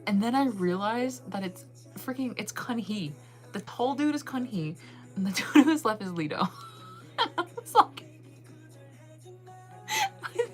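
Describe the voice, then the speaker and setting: Animated young woman telling a story. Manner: animated, acts out her own lines in a higher voice, laughs often. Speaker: channel host. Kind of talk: casual storytelling.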